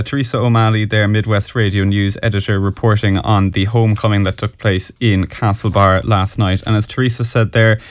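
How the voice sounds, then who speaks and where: A man presenting the radio news in a steady, formal read. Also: medium pitch, no room sound.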